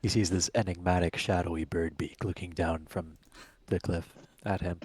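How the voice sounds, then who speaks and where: A man with a very deep voice playing a tabletop game over voice chat. He is playful and quick with a joke, and he spells out each of his character's actions. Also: steady tone, a little mellow, breathy edge. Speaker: player.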